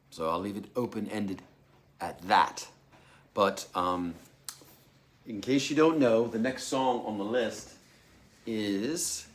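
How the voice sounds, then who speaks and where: Chatty man with a lowish voice. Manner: chatty and excitable, with many fillers and restarts. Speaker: host of a music channel. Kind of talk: casual chat to camera.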